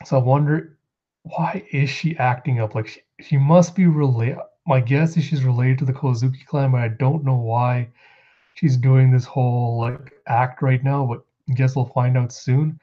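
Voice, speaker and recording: A man casually recapping comic chapters as a show host, rambling and acting out character lines in quick put-on voices. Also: mid-range voice, fairly even intonation, warm tone, muffled recording. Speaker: manga reviewer.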